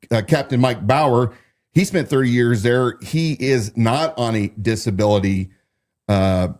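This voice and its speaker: A man's voice: mid-range voice, darkish tone. A man giving casual political commentary as a podcast co-host, talking loosely with frequent restarts. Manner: conversational, many restarts and repeats.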